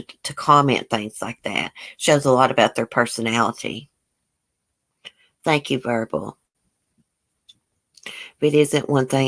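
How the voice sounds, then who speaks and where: A woman's voice: sits low, a bit bright. A woman with a broad Southern country accent hosts a casual livestream, reading out and answering viewer comments. She is blunt and outspoken, swears without hesitation, and has a folksy, drawling way of speaking. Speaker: YouTube livestream host.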